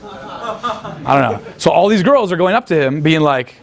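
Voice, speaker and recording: A man's voice: sits high, lively intonation, unhurried, vocal fry. A man telling crude, boastful, rambling stories full of profanity in a casual interview. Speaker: guest talking about picking up women.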